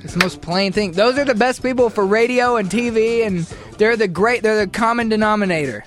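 A man's voice: high voice, a little fast, music in the background. A man from Mississippi with a Southern accent, a radio host bantering in a joking, self-mocking way.

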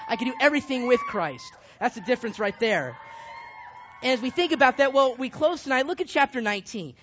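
A man leading a Bible study for young people, animated and jokey, breaking into shouts to drive points home. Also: extremely high pitch. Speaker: youth Bible study leader. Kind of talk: lively Bible study teaching with props. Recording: dull lo-fi sound.

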